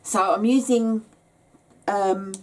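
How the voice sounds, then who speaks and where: A woman's voice: mid-range voice, fairly even intonation, slow. A tired woman giving a chatty, rambling sewing tutorial, yawning and hesitating as she explains her steps. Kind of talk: casual step-by-step craft tutorial.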